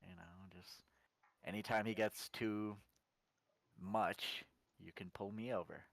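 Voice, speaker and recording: An easygoing, flirty male adventurer speaks in a playful way, played by a man at a tabletop game. His voice sits fairly low but sounds bright. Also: steady tone, slow, creaky, no echo, exaggerated voice. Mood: friendly.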